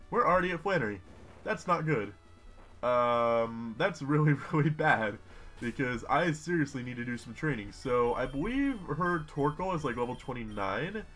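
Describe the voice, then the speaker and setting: A young man giving rambling, excitable commentary while playing a video game. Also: mid-range voice. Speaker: gaming YouTuber. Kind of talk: casual Let's Play commentary.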